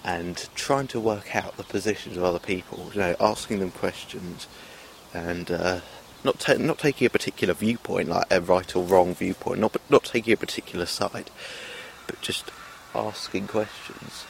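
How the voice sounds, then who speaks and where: A man's voice: low-pitched, moderate pace, creaky, a little hiss or hum. A man talking to camera in a rambling, hesitant monologue, full of fillers and restarts. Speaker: vlogger. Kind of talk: casual self-filmed monologue.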